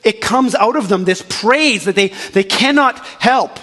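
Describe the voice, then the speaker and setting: Pastor guy preaching, fairly high voice, lots of stops and restarts, long echo from a big hall. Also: unhurried. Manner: animated preaching with frequent restarts, acting out quoted voices. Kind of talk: sermon. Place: church auditorium.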